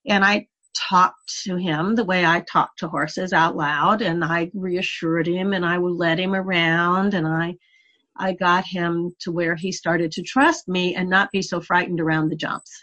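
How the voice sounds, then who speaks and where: A woman's voice: fairly low pitch, fairly bright tone. Earnest woman telling a story. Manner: earnest, reflective, laughs at own pain. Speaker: guest. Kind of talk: conversational storytelling.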